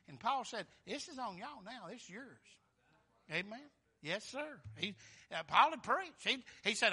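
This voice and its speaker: Bright-voiced preacher. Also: male voice, sits high, animated, normal speed, slightly rough. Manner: folksy, emphatic, swings from soft to loud. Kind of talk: sermon.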